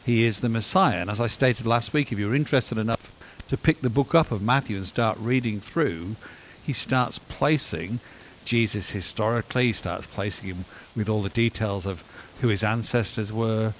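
Animated man preaching with emphatic delivery. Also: lowish voice, moderate pace, a little hiss or hum, poor audio. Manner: animated, emphatic, with dry self-deprecating humor. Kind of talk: sermon.

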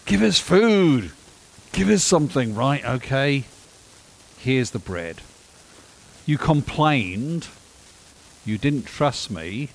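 A man's voice: mid-range voice, expressive, slow, vocal fry, pauses often, full character voice, rough recording. A man preaching a sermon, voicing God as a stern but caring father who scolds his complaining people. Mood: reproachful. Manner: firm, reproachful paraphrase.

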